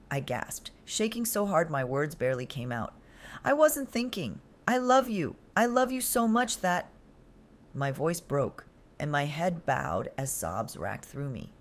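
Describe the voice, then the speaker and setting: A woman reads a scripted first-person story with heavy drama. Her voice sits low but moves through a wide, lively range. She often sinks into breathy, near-whispered delivery. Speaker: narrator.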